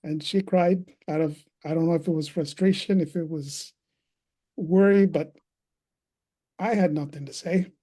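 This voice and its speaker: A man in his thirties, appearing as a conference guest over a video call, gives a personal testimony in an earnest, reflective way. His voice sits a little high with a dark tone, and he speaks unhurriedly with fairly even intonation.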